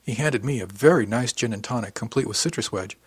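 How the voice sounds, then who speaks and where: A man narrating a first-person audiobook, lifting his pitch for character lines and dropping low on dialogue tags. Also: brisk, slightly rough, no echo.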